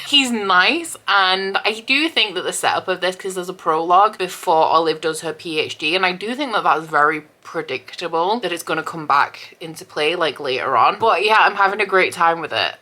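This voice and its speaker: Chatty woman book vlogger. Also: on the low side. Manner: chatty, rambling, animated. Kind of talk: casual reading vlog chat.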